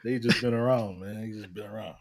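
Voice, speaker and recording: A man's voice: lowish voice, steady tone, fast talker. A man who is a guest on a gaming podcast, laid-back and joking, laughing often. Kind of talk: casual chat.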